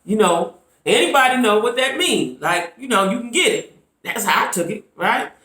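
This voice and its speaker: A woman giving casual commentary on her vlog, chatty and animated, often tossing in "right?" asides. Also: medium pitch, moderate pace, echoey room. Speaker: YouTube commentator.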